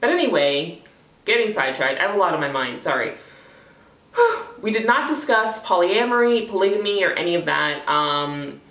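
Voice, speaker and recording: A woman's voice: lowish voice, big pitch swings, moderate pace, fairly bright tone. A young woman talking candidly to her camera in a rambling vlog, swearing freely and full of fillers. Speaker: vlogger. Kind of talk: casual talking-head vlog. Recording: echoey room, voice a bit far from the mic.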